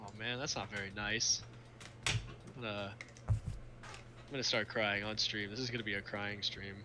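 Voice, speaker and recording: A man's voice: on the low side, fairly even intonation, moderate pace. A young man streaming live, chatting casually about circuits, laughing often and trailing off mid-sentence. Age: young adult. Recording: faint background noise.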